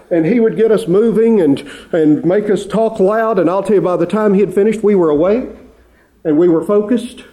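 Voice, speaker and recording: Middle-aged male preacher, mellow and slightly high voice, earnest pulpit delivery with fervent swells. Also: normal speed. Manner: earnest, rising to fervent appeals. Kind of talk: sermon.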